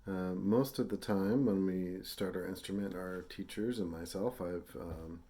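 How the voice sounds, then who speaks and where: A man with a fairly low, dark voice teaches a brass lesson, patient and casual, with plenty of fillers. He demonstrates tonguing syllables aloud so students can copy them.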